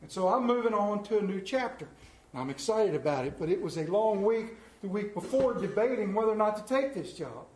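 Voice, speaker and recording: A man's voice: high voice, animated, a little fast, a little mellow, slight background noise. A man giving a conversational sermon as a lay preacher, telling folksy, humorous stories about his week. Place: church sanctuary. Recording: roomy echo of a church.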